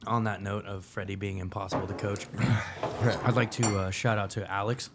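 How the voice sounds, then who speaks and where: A man's voice: fairly low pitch, flat delivery, moderate pace. Teasing man over a noisy background. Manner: teasing, crude banter. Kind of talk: casual podcast chat.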